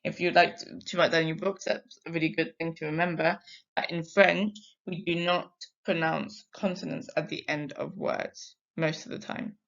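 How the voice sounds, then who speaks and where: A woman French teacher giving a recorded lesson, reading sentences slowly and twice for dictation and explaining silent letters. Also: low voice, steady tone, vocal fry, a bit bright, lo-fi sound. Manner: slow, carefully spaced dictation in French.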